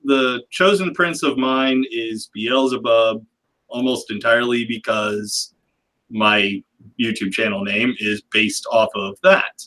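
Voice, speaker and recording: A man's voice: medium pitch, fairly even intonation, takes it slowly, pushed and bright, poor audio. A man hosting a livestream panel in casual chat, talking loosely and rambling with a self-deprecating humor. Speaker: livestream host.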